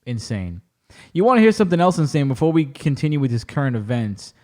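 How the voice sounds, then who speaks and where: A man with a mid-range voice hosts a casual podcast chat. He tells stories in an animated way, swearing freely as he goes. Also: medium pitch, quick pace. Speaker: podcast host.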